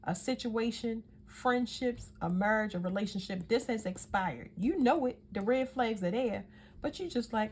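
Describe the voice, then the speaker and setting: A woman's voice: fairly high pitch, lively intonation, normal speed, a little mellow, a little hiss or hum. Chatty, emphatic woman reading tarot. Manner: chatty, emphatic, self-correcting. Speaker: tarot reader.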